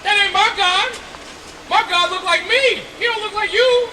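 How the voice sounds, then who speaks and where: A man street preaching outdoors, loud and confrontational, firing rhetorical questions at passersby. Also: very high voice, normal speed, low-quality recording. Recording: street noise behind.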